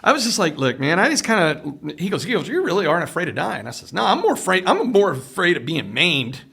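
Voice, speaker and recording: A man's voice: high-pitched, wildly swooping pitch, quick pace, creaky, bright, forceful tone, breathy edge. Middle-aged guy hosting a podcast, voice bounces up and down a lot, keeps saying right?. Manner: storytelling, tags lines with "right?". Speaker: podcast host. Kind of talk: casual interview chat.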